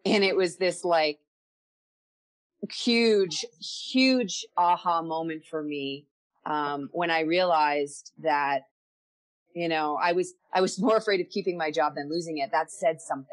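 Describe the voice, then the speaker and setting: A woman's voice: low-pitched, unhurried. A woman as a podcast guest, telling her own story candidly and reflectively, often repeating words as she gathers her thoughts.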